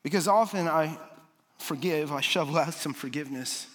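Guy pastor preaching, high bright voice, big hall reverb, animated then drops soft and low. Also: normal speed. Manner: animated storytelling, dropping low and soft for emphasis. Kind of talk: sermon. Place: large hall with audience. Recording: long reverb of a large hall.

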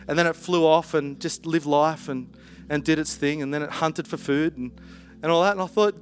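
A man preaching a conversational sermon, animated and playful, with lively asides. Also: on the high side, moderate pace, soft background music.

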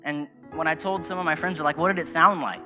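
A man's voice: a little high, steady tone, fast. A man preaching a sermon, reading scripture and telling a personal story while asking the congregation questions. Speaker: pastor. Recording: dull lo-fi sound with faint music.

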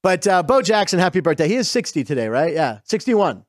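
Middle-aged guy rambling about old football clips, kinda high voice, dry close mic. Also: fairly quick, dry recording. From western Pennsylvania. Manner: chatty, digressive, excited storytelling. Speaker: sports show host. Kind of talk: casual sports chat over game clips.

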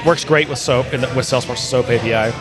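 A man's voice: mid-range voice, fast talker, music in the background. A man co-hosting a casual technical chat, rambling and self-correcting as he explains integration work with enthusiasm. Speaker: podcast co-host, software integration developer.

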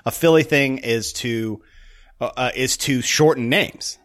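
An American man co-hosting a podcast, joking in a relaxed, casual way. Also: medium pitch, unhurried. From USA. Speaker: podcast co-host. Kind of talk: casual chat.

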